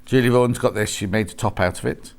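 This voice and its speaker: A man's voice: fairly low pitch, fast, vocal fry. A man presenting on a live shopping channel, reading out fabric prices in a chatty, jokey sales patter and bantering with the crew off camera.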